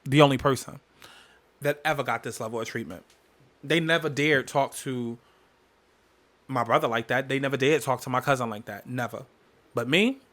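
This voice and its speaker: A man's voice: medium pitch, moderate pace, pauses often, fairly bright tone. A man hosting a podcast, telling a personal story in an emphatic, candid way. He repeats phrases for weight and swears freely. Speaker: podcast host.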